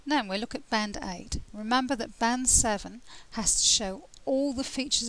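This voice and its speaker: A British woman, a language test tutor, explaining scoring criteria in a relaxed, conversational way with frequent fillers and restarts. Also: fairly high pitch, moderate pace, hardly any pauses, background noise. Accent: British English. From Britain.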